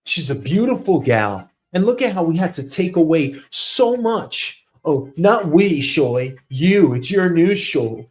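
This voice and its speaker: A man in his thirties hosting a comedic news monologue, ranting sarcastically and swinging between loud outbursts and mutters. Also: a little high, sing-song, unhurried, few pauses. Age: 30s. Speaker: host.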